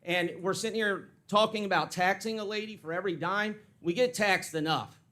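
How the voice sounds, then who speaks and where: A man's voice: sits high, normal speed, pushed and bright. A man giving a heated, blunt public comment at a county meeting. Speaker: citizen speaking at public comment. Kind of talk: angry public comment speech.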